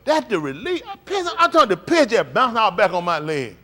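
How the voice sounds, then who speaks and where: Animated high-voiced male preacher. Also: normal speed. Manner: emphatic, conversational preaching with congregation call-and-response; animated, swings between quiet and loud. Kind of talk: live-streamed sermon.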